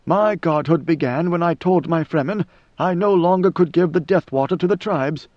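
An ancient god-emperor speaks in slow, grave, measured tones, as a male reader puts him on. The voice sits a little high and carries a dull, lo-fi sound. The recording is dry. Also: no echo, close to an everyday voice. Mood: solemn. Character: ancient godlike male emperor, calm, solemn.

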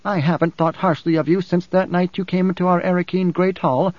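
A man's voice: high voice, fairly even intonation, a little mellow, dry recording, voice pushed up, natural voice. A man doing a cool, guarded noblewoman. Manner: measured, cool, probing questions. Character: composed noblewoman, middle-aged, guarded and sharp. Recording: slightly dull dry recording.

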